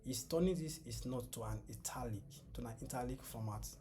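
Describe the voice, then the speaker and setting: A man's voice: medium pitch, brisk, warm tone, a little hiss or hum. A man giving a screen-share coding lesson, patient and repetitive, often asking the class "what?" and then answering himself. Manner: asks the class fill-in questions and answers them himself. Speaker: coding tutor. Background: background music.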